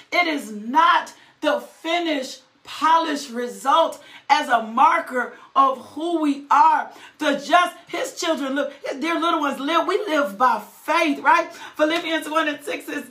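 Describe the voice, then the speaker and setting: Woman preacher, fervent sermon delivery, high bright voice, unhurried with repeated phrases.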